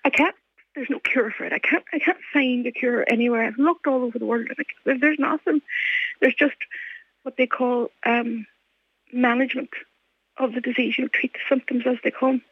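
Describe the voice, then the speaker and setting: A woman's voice: a little high, steady tone, slightly rough, no echo. Middle-aged Donegal woman, interview guest, earnest and faltering, over a dry phone line. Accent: Donegal Irish. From Ireland. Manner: earnest, halting, many restarts. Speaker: guest, mother.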